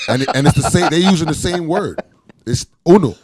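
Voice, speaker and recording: A man with a Caribbean accent, a comedian chatting in an interview, animated and full of "you know what I'm saying.". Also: medium pitch, fast, a little hiss or hum. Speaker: comedian interviewed about his characters. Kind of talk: casual interview chat.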